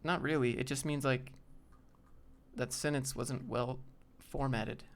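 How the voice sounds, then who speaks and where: A man's voice: mid-range voice, fairly even intonation, a little slow, vocal fry. A young man hosting a casual live stream, thinking aloud as he browses job listings and answers viewers.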